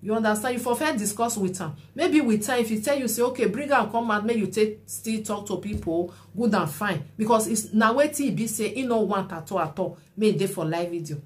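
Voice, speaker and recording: A woman's voice: medium pitch, brisk, hardly any pauses. A woman with a Nigerian Pidgin accent giving chatty, preachy advice as a vlogger. She often adds "you know" while she comments. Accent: Nigerian Pidgin English. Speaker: vlogger commenting on a viral clip.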